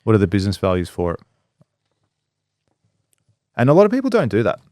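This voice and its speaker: A man's voice: lowish voice, wildly swooping pitch, a little fast, mellow, no room sound, clean studio sound. Blunt, swearing man. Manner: blunt, swears freely, acts out quotes. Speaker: podcast guest, business owner. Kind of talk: casual podcast conversation.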